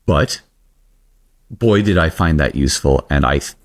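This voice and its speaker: A man with a very deep voice that swings widely in pitch as he talks. He co-hosts a casual podcast, rambling and animated, often poking fun at himself. His delivery is chatty and unpolished. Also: measured pace. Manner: animated, rambling, self-deprecating. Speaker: podcast co-host. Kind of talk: casual chat.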